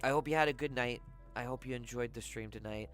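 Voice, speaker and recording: A livestreamer in casual chat with viewers, talking softly and haltingly with many pauses, sounding heartfelt. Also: mid-range voice, faint music behind. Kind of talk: casual chat to a live audience.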